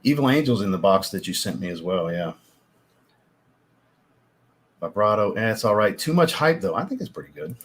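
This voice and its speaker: Husky man chatting to viewers. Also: lowish voice, sing-song, normal speed, long pauses. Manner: chatty, talks straight to viewers, worked up and theatrical. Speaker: fragrance reviewer hosting a livestream. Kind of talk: casual livestream chat.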